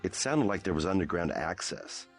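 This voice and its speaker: An actor playing a grateful rescued hostage in a video game, talking eagerly. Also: male voice, deep voice, huge pitch swings, moderate pace, creaky, faint music behind, exaggerated voice.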